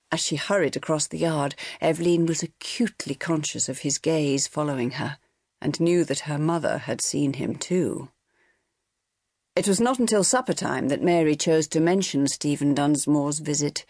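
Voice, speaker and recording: A woman narrating a novel in a measured, steady storytelling manner. Her voice sits low for a woman. The studio sound is close and dry. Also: no room sound. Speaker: audiobook narrator. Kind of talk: scripted audiobook narration.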